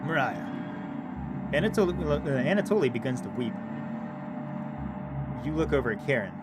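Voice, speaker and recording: A man playing a horror game, reading the on-screen text aloud in a low murmur and reacting with loud, startled outbursts. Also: sing-song, normal speed. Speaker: gaming video creator. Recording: loud game music under the voice.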